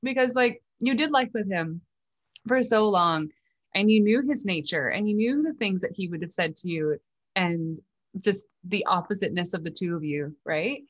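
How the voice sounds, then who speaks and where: A woman hosting an interview, gentle and reflective, often pausing to search for her words. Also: medium pitch, animated, no echo. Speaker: podcast host. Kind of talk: empathetic conversational interview. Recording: dry close-miked sound.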